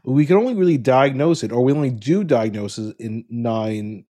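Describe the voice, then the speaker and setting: A man's voice: medium pitch, moderate pace. A man co-hosting a podcast in casual chat, telling stories with laughs between sentences and explaining facts. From family from India. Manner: animated storyteller, laughs mid-sentence. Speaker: podcast co-host.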